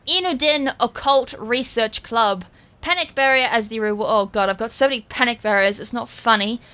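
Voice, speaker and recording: With a slightly high, pushed, bright voice, this Australian gaming streamer chats through a playthrough. Her let's-play commentary rambles, and she often corrects herself.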